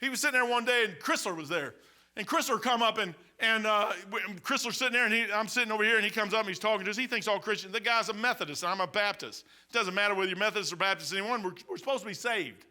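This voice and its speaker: A male pastor preaching a sermon in church, telling stories in an animated, colloquial way. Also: sits high, quick pace. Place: church, behind the pulpit.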